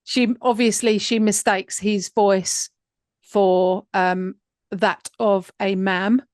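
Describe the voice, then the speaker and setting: Unhurried woman hosting a true crime podcast. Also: mid-range voice, fairly even intonation, a little mellow, no room sound, clean studio sound. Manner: unhurried, conversational, with many fillers. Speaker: podcast host.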